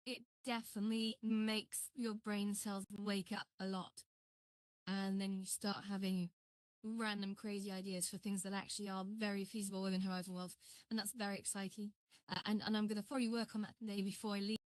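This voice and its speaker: A woman's voice: mid-range voice, level tone, a little fast, dry recording. A woman chatting on a live stream as she builds, rambling and greeting viewers while she works. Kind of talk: casual live-stream chat.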